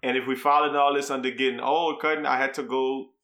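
Young male podcast co-host, bright voice, loose joking delivery, rambling tales. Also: mid-range voice, level tone, a little fast. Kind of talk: casual chat.

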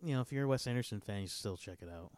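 A man chats about films as a podcast guest. His voice sits low and sounds smooth and clear, recorded dry and close. He talks in an easygoing, hesitant way with filler words. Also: lively intonation, very fast, darkish tone, no echo. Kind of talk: casual film chat.

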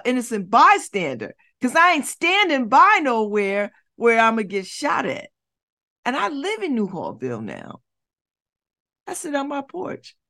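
A woman's voice: on the high side, pushed and bright. A woman hosting a community radio show, talking bluntly and preachily with rhetorical questions. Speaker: radio host. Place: radio studio.

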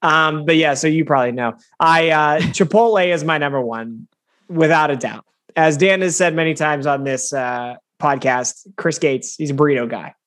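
A man's voice: fairly high pitch, moderate pace, a bit bright. A man co-hosting a podcast in casual chat, enthusiastic and slangy, talking about his picks. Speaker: podcast co-host.

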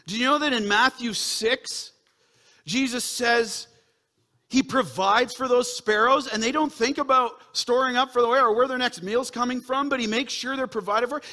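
A middle-aged pastor preaching to his church in a high, bright voice. He moves between hushed, earnest asides and loud, excited bursts. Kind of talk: sermon.

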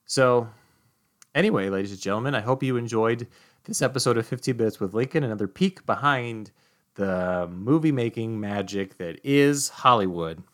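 A man hosting a comedy podcast, telling a long story in a rambling, deadpan way. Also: mid-range voice, normal speed. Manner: rambling, deadpan, full of fillers like "like" and "you know". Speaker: podcast host.

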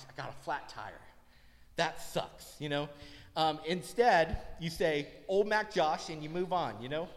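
A man in his thirties preaching a sermon in a relaxed, conversational way with self-deprecating asides. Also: a little high. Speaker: pastor. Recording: long reverb.

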